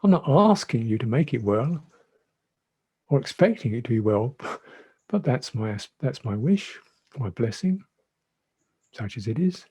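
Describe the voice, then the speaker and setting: A man who is a Buddhist monk teacher giving a dhamma talk in a reflective, gentle way, often repeating his phrases. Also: medium pitch, sing-song, unhurried, long pauses, husky. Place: monastery meditation hall.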